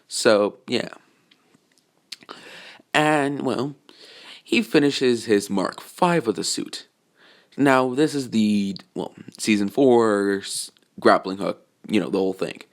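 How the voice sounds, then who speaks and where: A man's voice: fairly low pitch, slow pace, pauses often. A man casually telling a fan-fiction story, rambling and correcting himself with lots of fillers.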